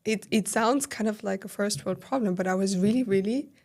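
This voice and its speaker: A woman speaks as a podcast guest at a mid-range pitch, recounting her own experience candidly. She talks loosely, leaning on fillers and voicing her own past thoughts as little quoted asides. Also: a little fast. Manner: animated retelling with quoted inner dialogue, filler-heavy. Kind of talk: candid conversational storytelling.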